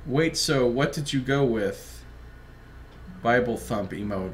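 A man's voice: medium pitch, animated, slow, a little hiss or hum. A man giving casual, joking let's play commentary while chatting with his viewers. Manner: chatty, joking, talks to chat. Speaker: gaming livestreamer.

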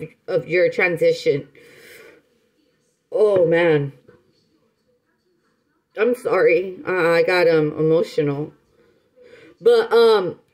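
A woman's voice: medium pitch, low-quality recording. A woman giving a casual tarot reading to camera, rambling and emphatic, with many restarts and pet names for her listeners. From United States. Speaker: tarot reader.

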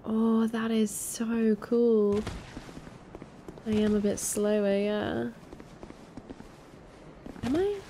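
Slow, high-voiced woman gamer. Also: a little hiss or hum. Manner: excitable, jumpy reactions. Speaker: gaming streamer. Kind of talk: let's play commentary.

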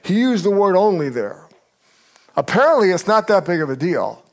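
A man's voice: high voice, moderate pace. An older man preaching a sermon as pastor, telling stories with energy and acting out the people he quotes. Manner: animated storyteller, acts out quotes.

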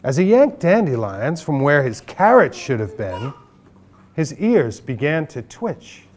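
An author reads his picture book aloud to a group of children in a library, his voice swinging widely up and down in pitch as he leads them in call-and-response. He keeps a slow, unhurried pace as he tells the story. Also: very animated, a little mellow. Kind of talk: live storybook reading to children. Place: public library, audience of children.

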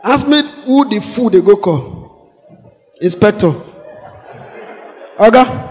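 A Nigerian man with a Pidgin English accent and a very high, piercing voice, animated on stage as he acts out his characters. His voice rings with the long reverb of a big hall. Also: takes it slowly. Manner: animated, acts out voices of police, shouting and laughing. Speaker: stand-up comedian. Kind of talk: stand-up comedy storytelling.

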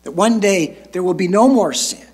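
A man preaching a sermon as pastor, slow and emphatic, stretching out key phrases. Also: sits high, expressive, a little mellow, husky.

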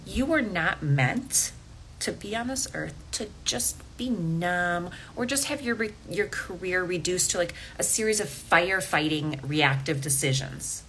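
Her lowish voice is animated, a bit bright, and a little slow as this health coach talks conversationally to her podcast listeners, frequently asking "okay?" and "right?". The recording is low quality, with a slight hiss or hum.

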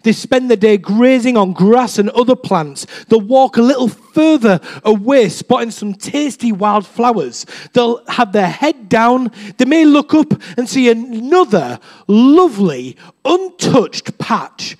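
Lively high-voiced preacher. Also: male voice, unhurried, hardly any pauses. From England. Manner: chatty, self-deprecating, acts out quoted voices with big swings. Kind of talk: casual sermon with storytelling.

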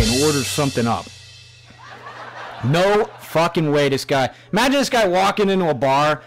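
Man ranting with a lively swinging pitch. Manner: loud, mocking, swears constantly, laughs at own jokes. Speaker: host. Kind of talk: profane ranting commentary.

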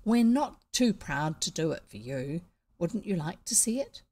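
A woman reading aloud, voicing a quick-witted boy who talks in a brisk, persuasive way. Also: fairly low pitch, big pitch swings, mellow. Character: quick-witted boy, bossy elder brother.

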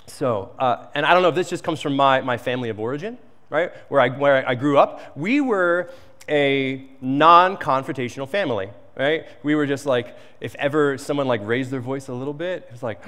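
A male pastor delivers a sermon in a casual, story-driven way, pausing often to check in with the congregation. His mid-range voice carries a long reverb from the church hall around him. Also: mid-range voice, fairly bright tone. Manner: conversational storytelling, frequent "right?" and "like". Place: church sanctuary.

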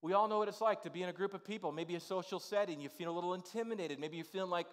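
A man's voice: high voice, very fast, hardly any pauses. A male pastor delivering an informal, conversational sermon in a church sanctuary, full of "you know" asides.

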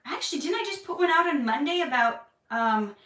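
Her high voice moves fairly quickly as she answers viewers' questions on a live stream, shifting from casual chat to earnest, preachy talk and turning animated when excited. The mic is far away and slightly off, leaving roomy echo.

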